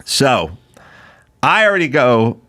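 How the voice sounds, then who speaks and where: A man's voice: mid-range voice, sing-song, slow, sharp tone. A man telling a comedic story as a podcast guest, acting out the dialogue and swearing freely.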